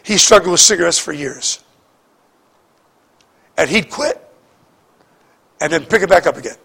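A pastor preaching a sermon, repeating words and swinging between shouting and hushed speech. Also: male voice, on the high side, expressive, unhurried, vocal fry, breathy edge.

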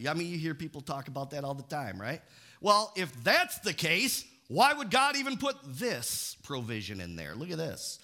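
Emphatic high-voiced male preacher. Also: big pitch swings, normal speed. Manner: emphatic, call-and-response preaching with rising shouts. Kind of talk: sermon. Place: church.

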